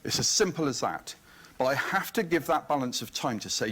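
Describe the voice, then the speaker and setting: A man, giving an animated, joking motivational talk at a conference. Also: medium pitch, a little fast, breathy edge. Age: 50s. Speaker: conference speaker. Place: conference hall.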